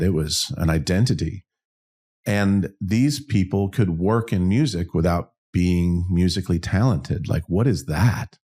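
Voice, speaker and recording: A man in his fifties, a singer-songwriter and business owner, tells a personal story as an interview guest, frank and self-deprecating. He has a deep, slightly mellow voice.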